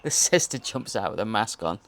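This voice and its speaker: A man's voice: fairly low pitch, animated, a little fast, vocal fry, fairly bright tone. Male host, wry and jokey, rambling horror episode commentary.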